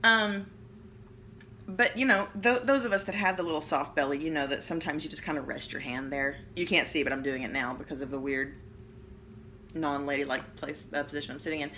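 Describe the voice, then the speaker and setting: Chatty, bright-voiced woman vlogger. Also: low-pitched, a little hiss or hum. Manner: candid, chatty and self-deprecating, with quick jokes. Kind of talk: casual personal rambling vlog. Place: at home, seated. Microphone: phone camera held in hand.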